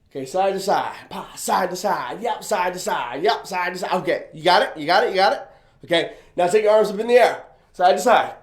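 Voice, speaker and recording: A man hosting a motivational livestream, energetic and hyped, repeating chants and leading viewers through stretches and movements. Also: sits high.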